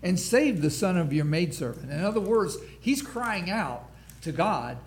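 Man pastor, slightly high voice, preaching slowly, building emphasis, clears his throat often. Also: very animated, slight background noise. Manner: preaching with rising emphasis on scripture, many restarts and throat clearing. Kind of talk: sermon.

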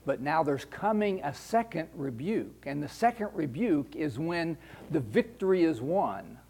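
A man's voice: fairly high pitch, big pitch swings, a little slow, darkish tone, slightly rough. A middle-aged man teaching scripture in a conversational sermon style, often repeating words as he searches for the phrase. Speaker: Bible teacher.

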